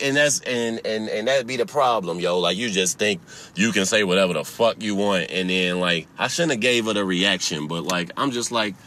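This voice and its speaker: A young man casually telling a story, profane and laughing, getting heated and loud as he goes. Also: fairly low pitch, normal speed, slight background noise.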